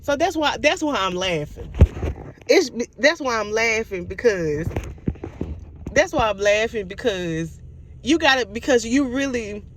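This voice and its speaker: A woman recapping a TV episode in a casual vlog, animated and storytelling, laughing often and apologizing for it. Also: on the high side, unhurried, noisy background. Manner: giggly, keeps laughing and apologizing; animated storytelling, acts out quotes. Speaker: TV show reviewer.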